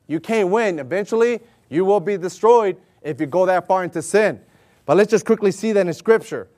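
A middle-aged man preaches to his congregation in a lively, animated way. His voice sits high, and he acts out dialogue while he tells stories. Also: normal speed. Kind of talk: sermon with personal story.

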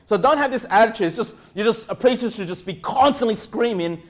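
Pastor, male, high voice, sermon delivery that jumps from calm to shouting. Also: a little fast. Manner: swings from calm teaching to loud shouted emphasis; repeats "all right?" and "okay?" to the congregation.

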